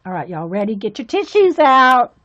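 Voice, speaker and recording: A woman's voice: on the high side, very animated, moderate pace, a bit bright. A woman hosting a casual livestream while coloring, chatty and gushing with frequent exclamations. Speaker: livestream host coloring with viewers. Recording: dull lo-fi sound.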